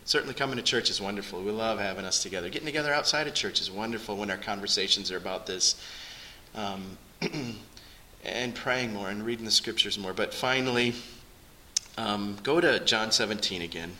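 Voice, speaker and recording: A man's voice: fairly low pitch, a little fast, sharp tone, slight background noise, rough recording. A man preaching a sermon to his congregation in an earnest, conversational way. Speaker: pastor.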